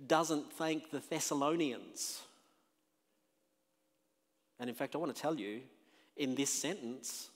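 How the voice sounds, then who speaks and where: A pastor preaches in a church with a long, ringing reverb around him. His mid-pitched voice swings between loud, emphatic declarations and quiet, searching questions put to the congregation. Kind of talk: sermon. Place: church sanctuary.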